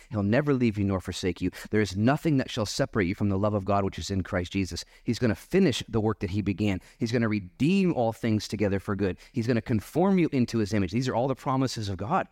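Animated male pastor preaching. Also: lowish voice, dry recording, studio quality. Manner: animated, acting out voices and dialogue. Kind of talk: sermon. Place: church.

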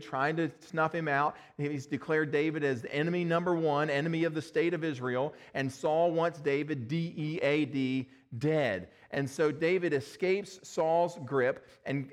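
A man pastor preaching a sermon, telling the story in an earnest, dramatic way with small fillers. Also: on the high side.

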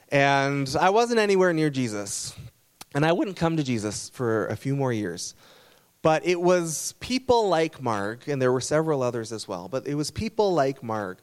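Earnest man preaching, fairly high voice. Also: smooth. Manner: storytelling, earnest. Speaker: pastor. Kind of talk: sermon.

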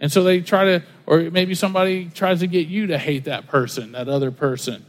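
A man's voice: fairly high pitch, steady tone, fairly quick. A man preaching a sermon, conversational and full of rhetorical questions and everyday stories. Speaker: pastor. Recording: long hall reverb.

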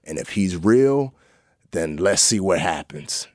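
Low-voiced man telling his testimony. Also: expressive, slow pace, no room sound, studio quality. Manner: earnest storytelling, voice drops low and soft at emotional moments. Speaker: guest. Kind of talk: personal testimony in a podcast interview.

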